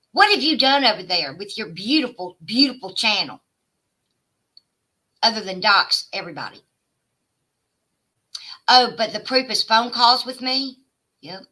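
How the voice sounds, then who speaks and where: A woman, live streaming a profane, taunting rant at a rival, swinging from shouted demands to low mutters. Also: rough recording. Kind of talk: confrontational livestream rant.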